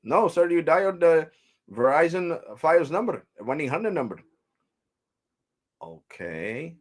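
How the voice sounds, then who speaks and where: A man's voice: on the high side, big pitch swings, takes it slowly, pitched above the performer's own voice, heavily acted. A man voicing a polite male call-center agent with an imitated Indian English accent, formal and apologetic, saying "sir" often.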